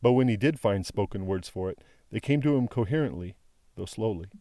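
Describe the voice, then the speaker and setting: A man narrating a classic novel as an audiobook reader, in a measured, solemn way. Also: lowish voice, animated, dark tone, dry recording, studio quality.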